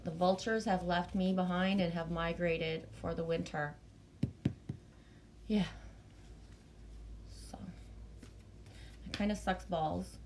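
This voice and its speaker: A woman's voice: fairly low pitch, fairly even intonation, takes it slowly, pauses often, darkish tone, a little hiss or hum. A woman from Canada with a Canadian accent, hosting a casual livestream, chatty and bubbly, greeting viewers by name and swearing casually. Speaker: livestream host reading chat. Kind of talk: casual live chat.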